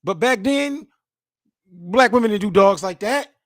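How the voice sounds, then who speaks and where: High-voiced guy in his 40s ranting over news clips, dry close sound, slangy and mocking. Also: a little slow, dry recording. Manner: animated, emphatic, mocking, slangy. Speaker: host.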